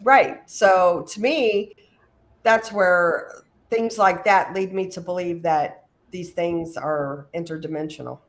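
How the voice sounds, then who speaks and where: A woman's voice: on the low side, slow. A woman co-hosting a casual paranormal podcast, agreeable and chatty, with a lingering cough. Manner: agreeable, lots of short affirmations.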